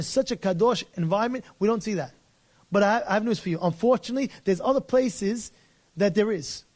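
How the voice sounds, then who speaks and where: A man, a rabbi, giving a passionate Torah lecture, animated and acting out scenes, sprinkling in Hebrew and Yiddish words. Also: high voice.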